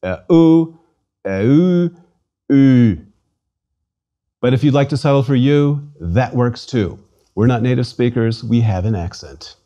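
A language lecturer in a studio runs a scripted pronunciation lesson, patiently repeating words so the listener can drill them. His voice is medium-pitched and mellow at a moderate pace, though the recording sounds muffled.

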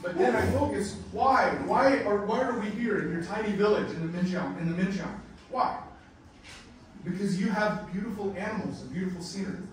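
An American man lectures a big class in an animated storytelling way, keeping his words simple for learners. His voice sits high for a man. It carries through a very echoey hall, heard from some distance with steady noise behind. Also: a little fast. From United States. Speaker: guest lecturer and nature guide.

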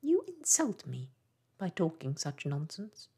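A stern little storybook mouse, quick to take offence and speaking sharply, put on by a man. The voice sits raised above a husky, gravelly reading tone. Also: on the high side, huge pitch swings, pitched above the performer's own voice, full character voice. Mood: severe. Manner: severe, sharp and huffy.

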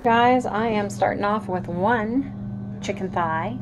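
A woman's voice: medium pitch, slow, slight background noise. A middle-aged woman chatting casually in a vlog about her day, with pet phrases like "anyway, you guys" and "yes, indeed". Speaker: vlogger.

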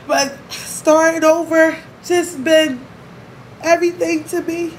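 A woman's voice: very high voice, fairly even intonation, a little hiss or hum, low-quality recording. A young woman talking candidly and emotionally to her vlog audience, swearing freely as she speaks. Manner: candid, emotional, profane, fast-shifting. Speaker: vlogger. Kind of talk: emotional casual vlog talk.

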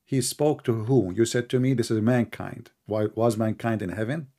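A man's voice: medium pitch, moderate pace, dark tone. A man with a voice in an online religious debate, pushing hard, interrupting and sarcastic.

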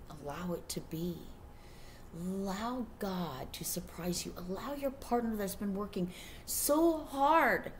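A woman giving a casual spiritual message to her viewers, rambling with playful asides and drifting into soft murmurs. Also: mid-range voice, animated, slow pace, slight background noise. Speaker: spiritual reader.

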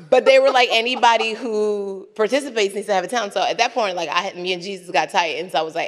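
A woman's voice: mid-range voice, moderate pace. Nigerian-born woman telling stories in an echoey hall. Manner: animated and laughing, acts out voices. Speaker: panel guest. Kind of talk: storytelling on a panel. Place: large hall with an audience.

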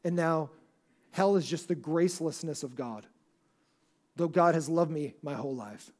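High-voiced pastor preaching conversationally. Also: male voice, moderate pace, a little mellow. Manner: conversational, asks the congregation questions, restarts often. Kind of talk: sermon. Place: church service before a congregation.

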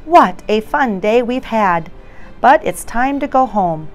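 A woman's voice: fairly high pitch, lively intonation, takes it slowly, soft background music. A woman reading a children's storybook aloud, voicing a silly female schoolteacher who mixes up her words with cheerful announcements.

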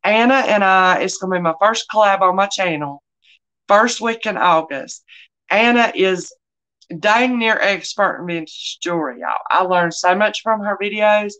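A woman's voice: mid-range voice, normal speed, fairly bright tone. Folksy middle-aged woman hosting a live sale. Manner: chatty, folksy, greets viewers by name. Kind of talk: casual live-stream selling chat.

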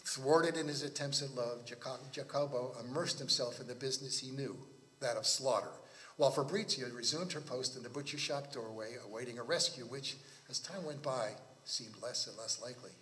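A man reading his own novel aloud at a library book talk, in a measured storytelling cadence. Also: medium pitch, fairly bright tone.

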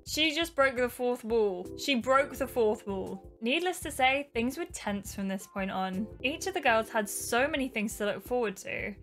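A woman hosting a gaming channel, reading a choose-your-story game aloud with lively, amused commentary. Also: a little high, normal speed, few pauses, soft background music.

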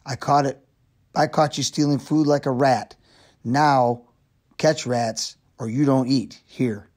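A cruel, bullying farmer who barks slow, threatening commands, as a male reader takes him on. The voice stays near the reader's own but turns gruff and menacing. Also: mid-range voice, steady tone, a little mellow.

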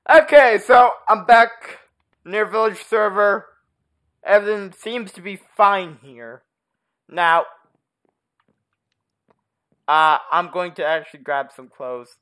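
A gaming channel host giving rambling, casual commentary full of "uh" and "anyway", jumping to a high, excited voice when calling the pets.

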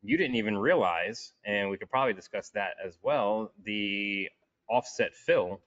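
Low-voiced easygoing man on a call. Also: lively intonation, unhurried, fairly bright tone. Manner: laid-back, laughs easily. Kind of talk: casual chat. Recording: dull lo-fi webinar audio.

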